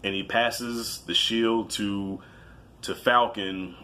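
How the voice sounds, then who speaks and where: A man giving a casual, animated movie review, telling it like a story, swearing freely and acting out his own reactions. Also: fairly low pitch, slow.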